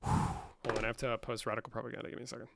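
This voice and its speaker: A man hosting a livestream in a casual, profane, slangy manner, saying "bro" a lot and swinging between low muttering and loud outbursts. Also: little pitch movement, rapid-fire, vocal fry, background noise. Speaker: livestream host.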